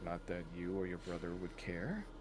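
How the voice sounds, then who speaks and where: A man's voice: deep voice, lively intonation, moderate pace, background noise. A man voicing a bitter, resentful man who sulks and reproaches the people around him. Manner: sullen, reproachful. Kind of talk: voicing characters in a tabletop game.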